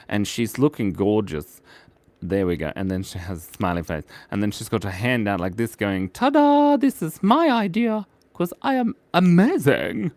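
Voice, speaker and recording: A man with a fairly low-pitched voice hosts a casual livestream where he draws, joking and chatting playfully with viewers as he goes. There is no echo.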